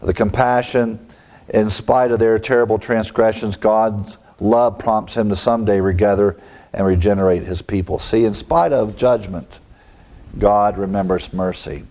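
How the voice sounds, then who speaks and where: A man's voice: fairly low pitch, steady tone, a little slow, a little mellow. A man pastor teaching a Bible lesson in a conversational way, asking rhetorical questions and chuckling now and then.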